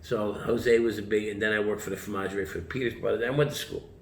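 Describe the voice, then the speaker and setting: A middle-aged man from the United States talks in a casual interview, winding through anecdotes and swearing as he goes. His voice sits very low. The room is echoey, with a faint hum of background noise. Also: steady tone, fast. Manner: rambling anecdotes, swears, acts out quotes. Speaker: chef, interview guest.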